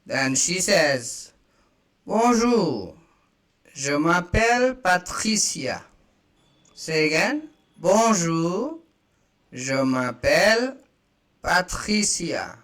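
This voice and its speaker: Slow-talking bright male language teacher. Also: sits high, sing-song. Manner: slow, repeats each phrase, spells out examples. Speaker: French teacher. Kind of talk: slow beginner language lesson.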